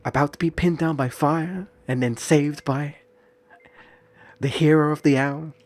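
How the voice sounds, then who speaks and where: A man's voice: on the high side, fairly even intonation, a little slow, a little mellow, pitched above the performer's own voice, lightly acted. A man voicing a theatrical young woman who loves drama and admires herself, lifting his voice a little for her.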